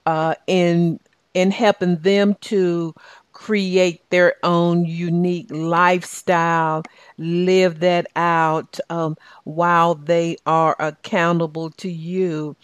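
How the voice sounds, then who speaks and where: A middle-aged woman with a Southern US drawl hosts a call-in coaching show. She talks slowly, in a lowish voice, with an encouraging tone and plenty of restarts. The sound is close and dry. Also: flat delivery, clear, resonant tone, no room sound. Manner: warm, encouraging, with many restarts and fillers. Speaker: radio show host and life coach. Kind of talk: casual talk show hosting.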